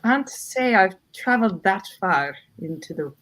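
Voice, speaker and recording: A woman's voice: medium pitch, lively intonation, unhurried, fairly bright tone, rough recording. A woman co-hosting a podcast, chatting casually and joking at her own expense, often trailing off mid-thought. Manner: chatty, self-deprecating, trails off. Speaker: podcast co-host. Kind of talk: casual chat.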